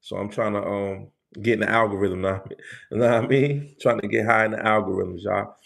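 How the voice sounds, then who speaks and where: A man's voice: fairly low pitch, fairly even intonation, fairly quick, creaky, a bit bright. Bronx guy on a livestream, new york accent, street slang, says stuff twice. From New York City, the Bronx. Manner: loose, street slang, repeats phrases. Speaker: livestream host. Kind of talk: casual livestream chat with viewers.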